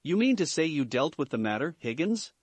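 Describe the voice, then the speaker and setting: A calm young assassin speaks in an offhand, matter-of-fact way, as a man reads him. His tone rises and falls freely and sits a little high. The sound is dry and close. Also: fairly quick, no room sound.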